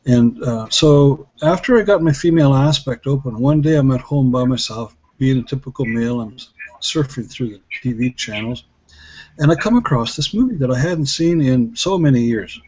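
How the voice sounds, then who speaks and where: A man's voice: mid-range voice, expressive, normal speed, a little mellow. A middle-aged man talking earnestly about healing, telling stories with frequent restarts in a casual, reflective way. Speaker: healer and guest speaker. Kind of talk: casual storytelling talk. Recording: dull lo-fi recording with faint noise.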